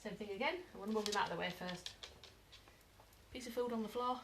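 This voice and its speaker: A woman's voice: fast, a bit bright, a little hiss or hum. Chatty British woman training her dog. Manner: chatty, bursts into high praise for the dog. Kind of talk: live-streamed training demo. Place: home, on the floor with her dog.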